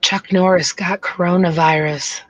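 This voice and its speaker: A woman co-hosting a casual livestream, reading facts and jokes in a soft, slow, mock-ASMR voice. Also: on the low side, steady tone, slight background noise, rough recording.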